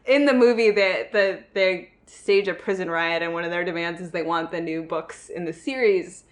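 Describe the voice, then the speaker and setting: A woman's voice: on the low side, moderate pace. A woman from the northern United States co-hosting a podcast, talking frankly about a movie with many fillers and restarts. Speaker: podcast co-host. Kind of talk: casual film discussion.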